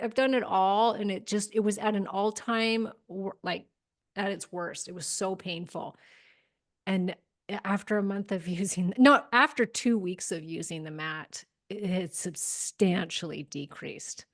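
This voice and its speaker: Brief: woman podcast host, mid-pitched, casual chatty storyteller, fillers galore. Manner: chatty, lots of "like", animated retelling. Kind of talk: casual interview chat.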